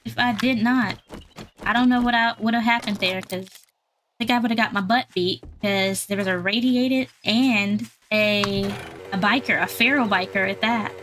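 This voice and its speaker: A woman giving casual gameplay commentary, chatting to her viewers and getting excitable during fights. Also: medium pitch, normal speed, slight background noise. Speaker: gaming YouTuber.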